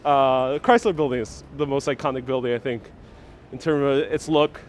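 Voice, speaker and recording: A man's voice: mid-range voice, fairly even intonation, moderate pace, a little hiss or hum. A man hosting a joking live stream as he walks outdoors on a city street, talking in a sarcastic, playful way into a wireless lapel mic. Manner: sarcastic, playful, laughs often.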